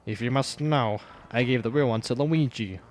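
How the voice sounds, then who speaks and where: A man's voice: medium pitch, normal speed, slight background noise, natural voice. A man voicing a pompous, theatrical male villain officer in a game playthrough.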